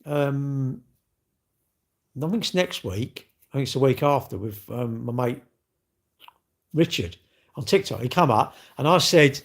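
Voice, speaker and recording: Speaking unhurriedly and pausing often, this middle-aged livestream host reads viewer comments aloud with lively intonation at a medium pitch. His casual banter wanders, full of jokes at his own expense.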